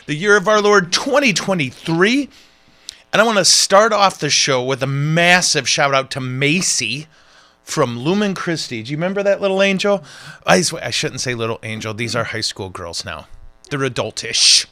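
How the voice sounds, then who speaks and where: A man, a priest hosting a casual show, who jokes and rambles in an animated way. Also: medium pitch, normal speed, no room sound. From United States. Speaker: priest and podcast host. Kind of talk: casual chat.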